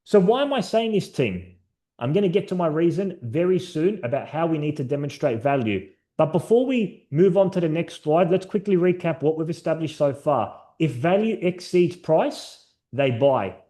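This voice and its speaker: A man's voice: a little high, lively intonation, normal speed, warm tone. Upbeat man leading a team training call. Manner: upbeat, encouraging, storytelling. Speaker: sales trainer presenting to a team. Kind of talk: live online training session.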